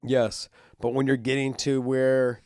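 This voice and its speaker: A man's voice: mid-range voice, flat delivery, measured pace, darkish tone, clean tone, no echo, clean studio sound. A man co-hosting a podcast who also calls fights, chatting casually in a rambling way with restarts and "I mean" fillers. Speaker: podcast co-host and fight commentator. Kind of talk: casual MMA chat.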